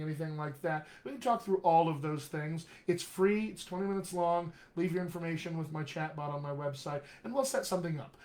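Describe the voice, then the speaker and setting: A middle-aged man, a dialect coach, giving an energetic, jokey live-streamed lesson, often checking in with "all right?". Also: on the high side. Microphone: webcam or computer mic on a live video stream.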